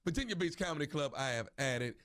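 A male comedian boasts and teases with plenty of energy. His voice is fairly high and swings widely in pitch. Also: lively intonation, quick pace, fairly bright tone, dry recording, studio quality. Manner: boastful, laughing, teasing. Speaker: comedian, show regular.

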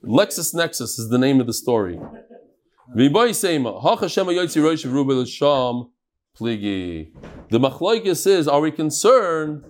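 A man teaching a live Talmud class, lively and chatty, teasing his audience. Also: fairly high pitch, unhurried.

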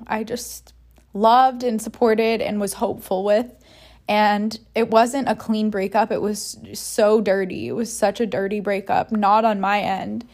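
A woman's voice: medium pitch, darkish tone. A woman talking in a candid personal monologue, emotional and frank, swearing freely and rambling with many "like" fillers.

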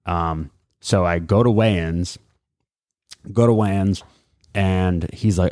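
Casting: man, late twenties, deep and very low, rambling casual storyteller, dry close sound. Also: steady tone, slow, a little mellow, no room sound. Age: late 20s. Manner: rambling, many fillers and acted-out quotes. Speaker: guest, mixed martial arts fighter.

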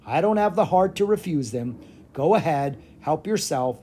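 A theatrical royal cook who sighs and grumbles but gives in, as the storyteller puts him on. The voice swoops up and down with a soft, breathy edge, a touch higher and louder than the narration. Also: expressive, normal speed. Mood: grudging. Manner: dramatic, sighing.

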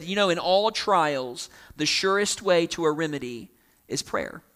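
Animated high bright-voiced man preaching. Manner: animated, acts out quotes in voices. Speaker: pastor. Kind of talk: sermon.

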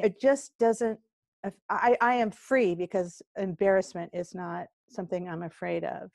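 A woman's voice: on the low side, a little slow, gravelly, no echo. An older woman, a singer-songwriter and courage coach, telling stories in a casual interview and acting out the voices she quotes. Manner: animated storyteller who acts out quoted voices.

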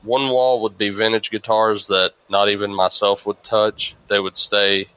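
A man in casual conversation, rambling and animated, swearing freely as he spins hypothetical stories. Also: on the low side, measured pace, clean tone, no echo, low-quality recording. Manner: profane, rambling, animated storytelling. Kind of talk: casual chat.

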